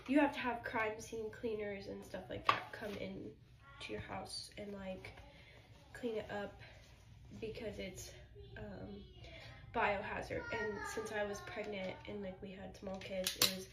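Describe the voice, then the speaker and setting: A widowed mother telling a casual storytime in a subdued, halting way, with frequent pauses and ums. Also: medium pitch, echoey room, background noise.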